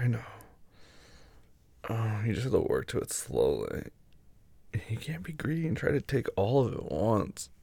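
Young man, intimate role-play, unhurried, gravelly, murmured and whispered close to the mic. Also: lowish voice, sing-song, mellow, no room sound. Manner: murmured, breathy, often whispered asides. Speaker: adult audio performer.

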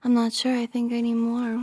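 A woman's voice: fairly high pitch, dry recording, clean studio sound, full character voice. A woman as a pouty, jealous girlfriend. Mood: possessive. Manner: pouty, teasing, drifting into soft whispers. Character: jealous, possessive young girlfriend, clingy and pouty. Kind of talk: girlfriend audio role-play.

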